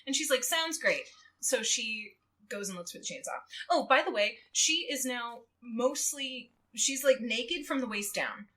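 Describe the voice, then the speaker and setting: Animated woman with a bright voice. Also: a little high, normal speed. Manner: animated storytelling with frequent laughter and acted quotes. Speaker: guest co-host. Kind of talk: casual podcast chat, recapping a book.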